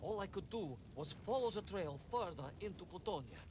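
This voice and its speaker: A man's voice: sits high, lively intonation, a little fast, background noise. An actor playing an earnest male explorer who narrates his expedition in a video game, with a dramatic storybook delivery.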